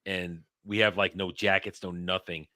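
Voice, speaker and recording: A man casually telling a story as a podcast host, profane and animated, with frequent restarts. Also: deep voice, moderate pace, no room sound.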